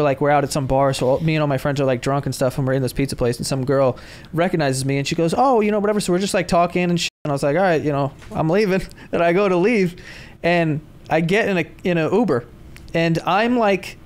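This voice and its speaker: Guy with a pretty high voice rambling thru a bar story on a podcast, swears, laughs. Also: brisk. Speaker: podcast co-host. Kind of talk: casual chat.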